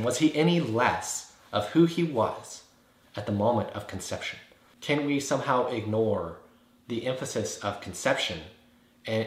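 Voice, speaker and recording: A man's voice: on the low side, a bit bright. A man giving an earnest Bible teaching video, building his points with repeated phrases and rhetorical questions. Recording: roomy echo.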